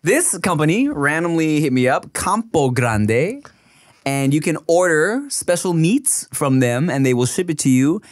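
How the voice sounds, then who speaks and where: Man, podcast host, casual, crude humor, animated pitch. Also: measured pace, dry recording. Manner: crude, laughing jokes. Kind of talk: casual chat.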